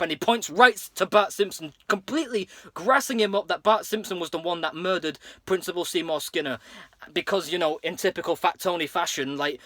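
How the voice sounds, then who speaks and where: A man's voice: fairly high pitch, a bit bright, no echo. A man casually recapping a cartoon episode plot, rambling with lots of fillers and restarts. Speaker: episode reviewer.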